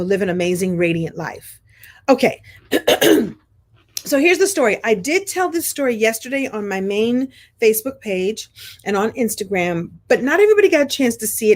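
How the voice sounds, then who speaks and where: A middle-aged woman from Brooklyn tells a story to her online group. She is chatty and animated, with restarts and frequent throat clearing. Her sinuses sound congested. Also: medium pitch. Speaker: host of a coaching program.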